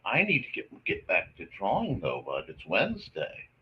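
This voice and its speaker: A man hosting a casual livestream, chatting to his audience and softly talking to his cat while he draws. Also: lowish voice, huge pitch swings, normal speed, dull audio, a little hiss or hum. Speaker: host.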